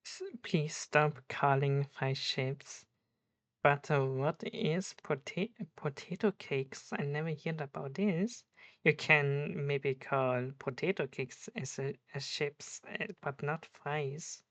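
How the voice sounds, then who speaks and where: Brief: deep, slow woman streamer, halting, dry close sound. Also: steady tone, dry recording. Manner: halting, searching for words, with restarts. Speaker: streamer reacting to a video. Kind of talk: casual reaction commentary.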